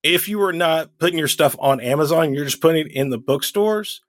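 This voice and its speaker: A man's voice: on the high side, a little fast, no room sound, studio quality. A man co-hosting a podcast in casual chat, laughing easily and explaining things at length. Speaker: podcast co-host.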